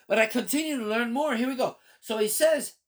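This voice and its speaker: A man's voice: very high-pitched, a little fast. Male pastor, testimony sermon; fervent, emphatic, repetitive preaching. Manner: fervent, emphatic, repeats key phrases. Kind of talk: personal testimony sermon reading scripture.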